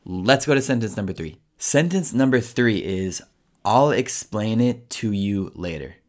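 A man teaching a language lesson, explaining grammar step by step and patiently repeating each phrase slowly. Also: lowish voice, lively intonation.

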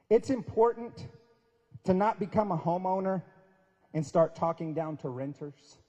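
At a prayer breakfast in a large university event hall, a guest speaker delivers an emphatic, sermon-like address laced with folksy humor. His fairly high voice is mellow with a slight huskiness, and a long hall reverb trails each phrase.

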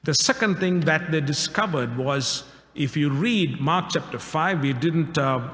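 A man's voice: fairly high pitch, lively intonation, fairly bright tone. Man preaching in an echoey church hall. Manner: measured preaching with rhetorical questions and repetition. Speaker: pastor. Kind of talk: sermon. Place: church sanctuary.

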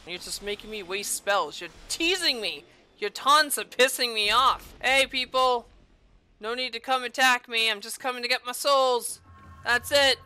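A young woman streaming a game and commenting crudely and excitably, yelping and swearing as she plays. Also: on the high side. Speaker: gaming streamer. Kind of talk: profane let's-play commentary.

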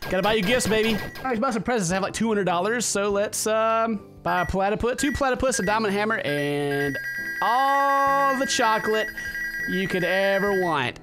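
A man doing let's-play commentary, rambling, laughing often and hamming up mock-romantic lines to a game character. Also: high-pitched. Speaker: gaming YouTuber.

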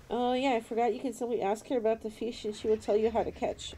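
A young adult woman streaming a game, chatting playfully with viewers, giggling and squealing as her pitch swoops up and down. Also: fairly quick, warm tone, a little hiss or hum. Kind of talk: casual live-stream game commentary.

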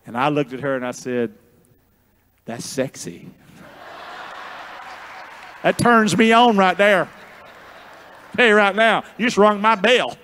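A man preaching a sermon as pastor, with call-and-response, booming shouts and hushed asides. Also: animated, normal speed. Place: church sanctuary.

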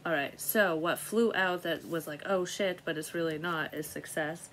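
A middle-aged woman reads tarot in a loose, rambling way, cussing freely and laughing at her own remarks. Her low voice is a bit bright and moves at normal speed, over slight background noise.

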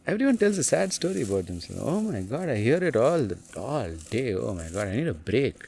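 A male spiritual teacher speaks in an animated, blunt and casual way. He laughs often and addresses the listener as man or dude. His voice sits in an ordinary middle pitch. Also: fairly quick, gravelly.

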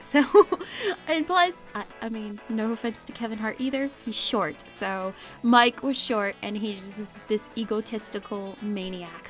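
Bright, giggly young-sounding woman. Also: mid-range voice. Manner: rambling, giggly, self-conscious. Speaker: art channel host. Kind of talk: casual voice-over commentary.

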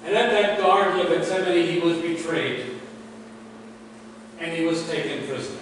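A man's voice: fairly high pitch, normal speed, a little hiss or hum. A male pastor telling a story in a dramatic sermon, his voice falling away at the ends of phrases. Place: church. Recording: echoey hall from far off.

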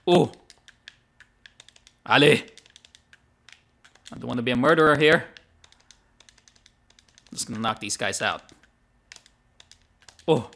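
Easygoing man narrating a game, bright voice. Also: mid-range voice, expressive, a little slow, creaky, long pauses. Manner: chatty, laughs often, self-correcting. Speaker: gaming streamer. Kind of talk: casual gameplay commentary. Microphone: desk microphone.

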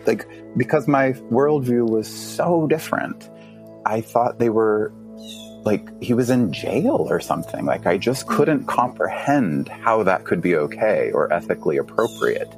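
A man on a podcast, telling a story in a casual, animated way, laughing often and jumping up in pitch as he acts out his younger self. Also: unhurried, faint music behind. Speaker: podcast guest.

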